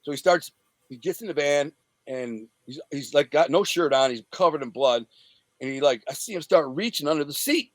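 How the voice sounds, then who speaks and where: A man's voice: a little high, expressive, normal speed, no room sound. A man from the Detroit area, an interview guest telling a story in profane street slang and acting out the scenes. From Detroit area, USA. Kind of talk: casual storytelling.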